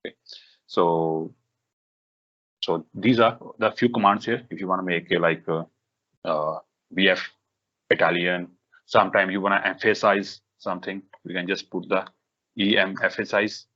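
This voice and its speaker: A man leading a live software tutorial for a workshop, talking in halting bursts with many fillers, restarts and repeated "okay"s. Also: sits low, steady tone. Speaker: workshop instructor. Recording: dull lo-fi recording.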